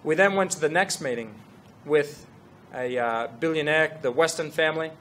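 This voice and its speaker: A man's voice: fairly high pitch, normal speed, slight background noise. Earnest man telling a story. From Australia. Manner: earnest, animated storytelling with restarts. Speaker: fashion brand founder. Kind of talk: storytelling talk to an audience.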